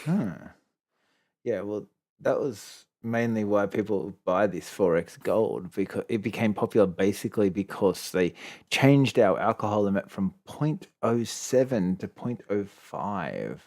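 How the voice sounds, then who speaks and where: A man's voice: lowish voice, expressive, unhurried, a little mellow, dry recording, clean studio sound. A man with an Australian accent, co-hosting a casual podcast and telling rambling stories with a laugh. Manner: rambling, chatty storytelling, laughs often. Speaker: podcast co-host. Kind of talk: casual chat.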